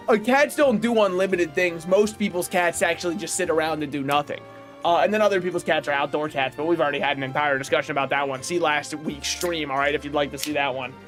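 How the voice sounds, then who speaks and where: A man's voice: fairly high pitch, a little fast, a bit bright, faint music behind. A man streaming a video game, chatting casually in a rambling, opinionated way and chuckling often. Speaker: gaming streamer. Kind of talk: casual livestream chat while playing.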